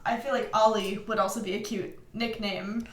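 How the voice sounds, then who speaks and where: A woman's voice: medium pitch, steady tone, moderate pace. A woman co-hosting a casual fan podcast, thinking aloud as she talks through ideas. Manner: musing, thinks aloud with fillers. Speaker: podcast co-host. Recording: echoey room.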